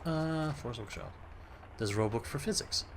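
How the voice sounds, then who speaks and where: A man commenting as he plays a story game, jokey and excitable, often laughing at himself. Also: mid-range voice, moderate pace, a little hiss or hum. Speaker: gameplay commentator. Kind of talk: let's play commentary.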